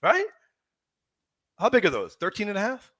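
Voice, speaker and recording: A man hosting a heated livestream debate, teasing his opponent and repeating words in quick bursts. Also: sits high, huge pitch swings, fairly bright tone. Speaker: debate host.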